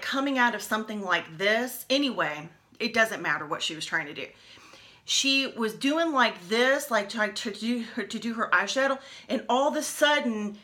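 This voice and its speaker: A woman's voice: mid-range voice, bright, forceful tone. A woman in her forties chatting and rambling while doing her makeup at home, with many fillers and restarts. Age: 40s. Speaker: beauty vlogger. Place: home, at a lit makeup mirror.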